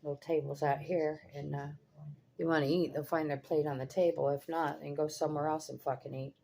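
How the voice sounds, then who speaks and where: A woman's voice: low-pitched, flat delivery, a little fast, vocal fry, dark tone. An older woman vlogging casually from her home kitchen, blunt and swearing freely as she rants in exasperation. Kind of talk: casual vlog chat. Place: home kitchen by pool windows.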